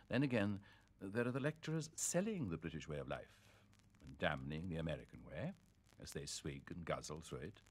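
A man giving a theatrical dramatic reading of literary prose, sonorous, with sweeping swings of loudness. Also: a bass voice. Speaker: reader.

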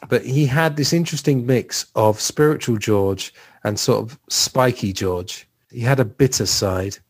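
A man's voice: mid-range voice, unhurried, breathy edge. A man hosting a casual podcast conversation, chatty and thinking aloud with plenty of fillers. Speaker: podcast host.

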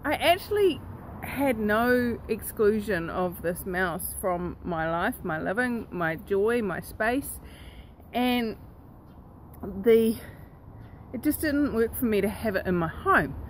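A woman hosting her own self-help vlog, telling a story in a lively, earnest and direct way. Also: mid-range voice, slow pace, slight background noise, rough recording. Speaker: host.

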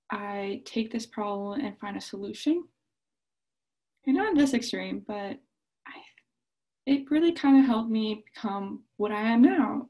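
A woman in her twenties, a PhD student, telling children an expressive story with occasional hushed asides. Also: fairly high pitch, low-quality recording.

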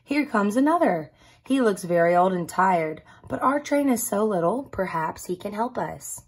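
A woman's voice: lively intonation, moderate pace, husky. A woman voicing an eager little male toy clown who pleads for help in a storybook reading. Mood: pleading. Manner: urgent, high and pleading.

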